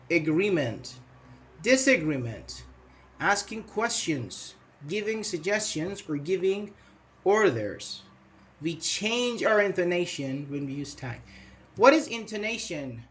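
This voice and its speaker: A man teaching a live online English grammar lesson, chatting with students and reading their comments aloud with quick praise. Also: sits high, big pitch swings, fairly bright tone.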